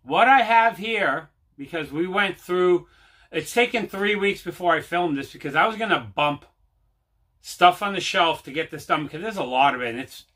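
A man with a somewhat high, bright, forceful voice hosts his own show from home. He rambles through his tale in a loose, chatty way, circling back and stacking up fillers. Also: animated, normal speed. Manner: rambling, repeats himself, many fillers. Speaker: host. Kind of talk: casual storytelling to camera.

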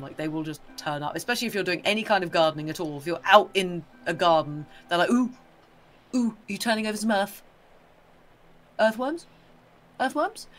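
A British co-host chats casually on a livestream, rambling and opinionated, and acts out birds in quick little asides. Her voice is medium-pitched and a bit bright.

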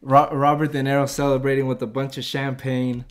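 Mid-pitched guy recapping a film plot, loose and rambling. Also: flat delivery, a little fast. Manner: rambling, lots of fillers, laughs at own jokes. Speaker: movie reviewer. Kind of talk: casual movie plot recap.

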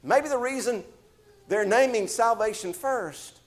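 A man, a Baptist pastor, preaching a sermon and reading Scripture aloud, with dramatic swells toward shouting. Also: fairly high pitch, sing-song, a little slow.

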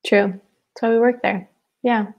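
A Seattle woman in her twenties co-hosts a casual live webinar, sounding chatty and giggly and trailing off with fillers. Her fairly high, creaky voice stays steady and unhurried, and the recording is lo-fi.

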